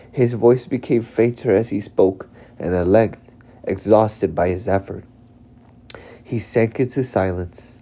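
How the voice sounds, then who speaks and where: A man reading a novel aloud live, unhurried and reflective, and openly emotional between passages. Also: fairly low pitch, warm tone. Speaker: reader. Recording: dull lo-fi recording.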